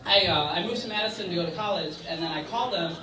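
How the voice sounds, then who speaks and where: A man's voice: sits high, fast. A young man doing a stand-up set in a bar, rambling with lots of filler words. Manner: rambling, filler-heavy delivery. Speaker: stand-up comedian. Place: bar comedy stage. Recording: echoey bar, distant mic, crowd.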